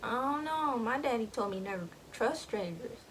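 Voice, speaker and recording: A frightened half-deer boy who is young and timid, as a woman puts him on. His voice sits high and pleading. It comes from a casual book retelling with faint background noise. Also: animated, normal speed, a bit bright, rough recording.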